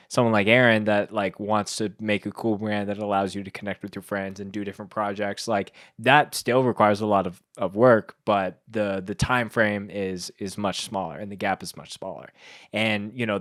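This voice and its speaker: A man hosts a podcast in loose, casual conversation, his speech effusive and meandering with many "like"s. His voice sits low, and the sound is dry and close with no room echo. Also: a bit bright. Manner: effusive, rambling, heavy use of "like". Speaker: podcast host.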